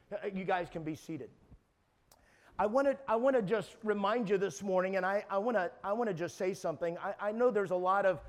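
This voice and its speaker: Brief: man around 60, preacher, high-pitched, stammering repeats, builds to shouts. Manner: emphatic, repeats words, rises to shouting peaks. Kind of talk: sermon.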